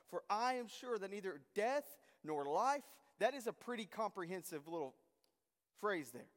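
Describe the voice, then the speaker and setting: A man's voice: high voice, very animated, moderate pace, in a large hall. A man preaching a sermon as a pastor, reading scripture aloud and then driving it home with impassioned, emphatic declarations.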